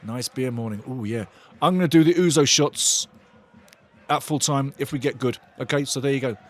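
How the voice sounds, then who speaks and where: A man hosting a live football watch-along, shouting and swearing excitedly while calling the play and reading out chat messages. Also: mid-range voice, normal speed. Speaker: watch-along host and fan commentator. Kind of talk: live fan match commentary, reading chat.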